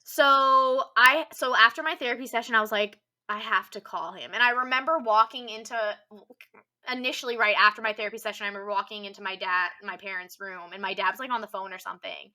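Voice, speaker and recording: A young woman telling a personal story on a podcast, rambling casually with constant "like" fillers and a soft, subdued delivery. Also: a little high, fairly even intonation, quick pace. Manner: rambling, heavy use of "like" filler.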